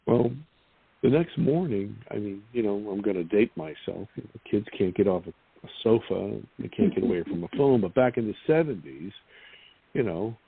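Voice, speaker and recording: Gravelly husky guy in his 50s telling his story over a tinny dry phone line, lowish voice. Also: expressive. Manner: earnest, vivid retelling with halting restarts. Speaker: interview guest. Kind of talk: personal storytelling in an interview.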